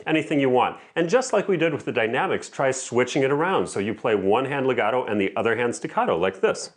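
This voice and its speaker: A man teaching piano, explaining practice methods in a clear, methodical way and calling out rhythm examples. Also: mid-range voice, expressive, quick pace. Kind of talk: instructional lesson. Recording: faint piano music in background. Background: piano playing between explanations.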